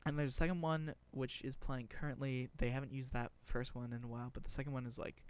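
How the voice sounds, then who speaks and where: A man's voice: medium pitch, little pitch movement, fairly quick, few pauses, smooth. A young man rambling through casual commentary, sarcastic and profane, with many restarts. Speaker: video creator.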